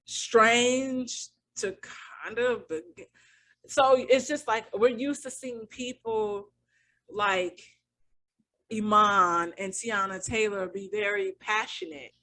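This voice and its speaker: A woman's voice: medium pitch, fairly even intonation, takes it slowly, sharp tone. A woman co-hosting a casual chat podcast, chatty and thinking aloud with frequent restarts. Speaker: podcast co-host.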